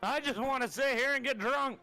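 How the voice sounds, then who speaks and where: A man's voice: very high-pitched, brisk, pushed and bright, soft background music. A man playing in an online tabletop game, talking in a casual, crude and teasing way. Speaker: player.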